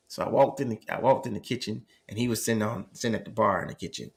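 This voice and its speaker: A man's voice: on the low side, rapid-fire, vocal fry. A middle-aged man hosting and telling a family story in a casual style, acting out the dialogue. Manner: conversational, frequent "you know what I'm saying" asides, acts out dialogue. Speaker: host.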